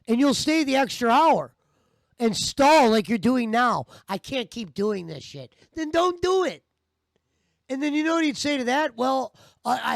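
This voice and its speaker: A man's voice: extremely high pitch, no room sound, studio quality. A man giving heated, profane, mocking commentary over stream clips. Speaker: commentary host.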